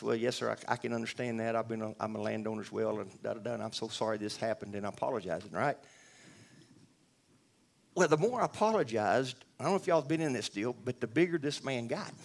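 A man giving a rambling, earnest spoken testimony to a church audience, full of restarts and asides. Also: medium pitch.

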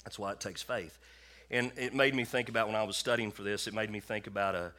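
A low-pitched man gives a sermon from the pulpit, with a bright, forceful edge to his voice. His delivery is folksy and conversational, and he circles back and repeats his key points. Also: fairly even intonation, quick pace. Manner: folksy, conversational preaching with repetition. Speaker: pastor. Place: church sanctuary with a congregation.

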